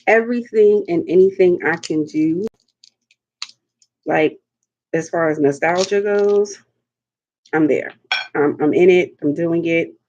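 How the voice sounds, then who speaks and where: A woman's voice: on the low side, slow, long pauses, a little mellow, dull audio. A young adult woman hosting a live seafood eating show at home, chatting playfully and laughing often, calling viewers honey and darling. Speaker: mukbang host. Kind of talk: live-stream eating chat.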